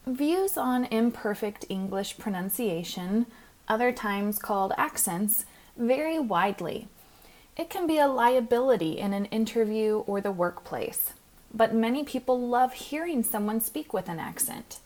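A woman hosting a podcast, reading a scripted monologue in a clear, measured, instructive way as a pronunciation coach. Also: on the high side, darkish tone.

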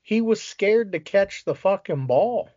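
A man's voice: high-pitched, lively intonation, measured pace, darkish tone, no echo. A man co-hosting a casual sports talk show, ranting with exasperation and plenty of swearing. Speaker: podcast co-host. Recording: dull lo-fi sound.

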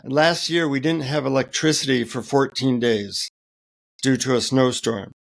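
A middle-aged man, a guest author, telling relaxed anecdotes in an interview with many fillers. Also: medium pitch, measured pace, gravelly. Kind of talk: interview storytelling.

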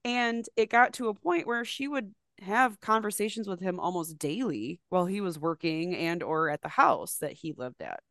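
A woman's voice: lowish voice, expressive, normal speed, few pauses, a bit bright, no echo, studio quality. A young adult woman co-hosting a podcast, telling a long story in a rambling, profane, casual way with many restarts. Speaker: podcast co-host.

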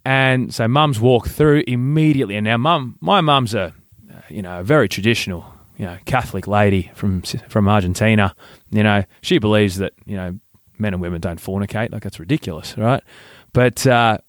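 A man's voice: lowish voice, normal speed, no echo, clean studio sound. Man telling a story. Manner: animated, acts out voices in stories. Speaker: podcast co-host. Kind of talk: casual storytelling.

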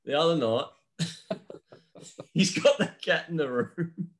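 A man's voice: a little high, expressive, slow. A young man co-hosting a casual podcast chat, telling stories while laughing and swearing freely. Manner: laughing storyteller, swears a lot. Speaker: podcast co-host.

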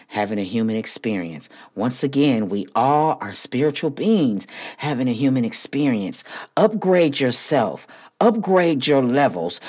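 Husky, very deep-voiced woman preaching. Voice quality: husky, low voice. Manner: preachy, emphatic, rises to near-shouting. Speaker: podcast host. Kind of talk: motivational podcast monologue.

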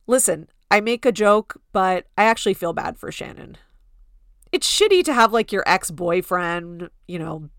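A woman's voice: lowish voice, fairly bright tone, no echo, clean studio sound. A woman hosting a podcast in a casual gossip style, chatty and full of "like" fillers, now and then mocking people in quoted voices. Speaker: podcast host.

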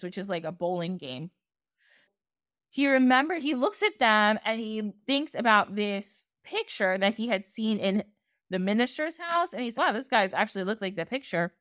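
A woman podcast host casually retelling a folktale, chatty and animated, slipping into little voices for the characters. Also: mid-range voice, dry recording, clean studio sound. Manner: chatty, animated, acts out characters with quick asides. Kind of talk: casual storytelling.

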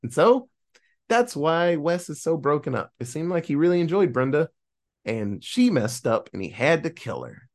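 A man's voice: on the high side, moderate pace. A man hosting a podcast, casually recapping a horror film and acting out the characters' lines. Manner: animated storytelling, acting out quoted lines. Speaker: podcast host.

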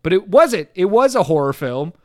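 A man hosting a podcast, talking in a rambling, animated casual chat and laughing often. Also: high-pitched, normal speed, no echo, studio quality. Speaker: podcast host.

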